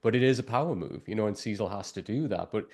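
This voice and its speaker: A man hosts a relaxed review chat, his voice sitting a little on the low side. He rambles freely, leaning on fillers and the odd curse as he works through his points. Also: fast talker. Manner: rambling, heavy use of fillers and profanity. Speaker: podcast host.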